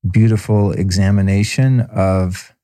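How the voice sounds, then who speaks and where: An enthusiastic male podcast host who introduces his guest and gushes about his work. The voice is low and relaxed, with a dark, mellow tone. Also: measured pace. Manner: enthusiastic, effusive praise with fillers. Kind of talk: podcast intro and casual interview chat.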